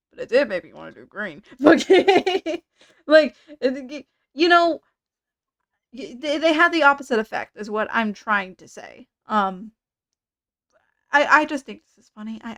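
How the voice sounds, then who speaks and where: A woman's voice: high-pitched, expressive, normal speed, fairly bright tone. A woman streamer chatting casually while reacting to a video, rambling and restarting her sentences. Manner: rambling, hesitant, with frequent restarts.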